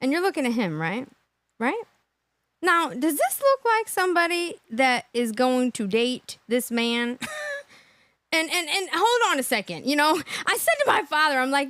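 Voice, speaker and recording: A high-pitched woman hosts a reaction livestream and reads comments from her chat. She is animated and breaks into laughter often. The recording is dry and close. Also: normal speed, no echo. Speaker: livestream host.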